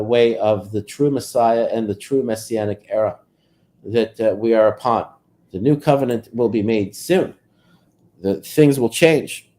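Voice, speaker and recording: A man holds forth in a casual chat, pausing constantly on "uh" before landing on emphatic, hard-edged judgments. His tone is dark and mellow, and his voice is wearing thin as he is losing it. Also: mid-range voice. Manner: halting, heavy with "uh" fillers, emphatic denunciations. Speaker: channel host discussing scripture and politics. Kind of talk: casual conversation.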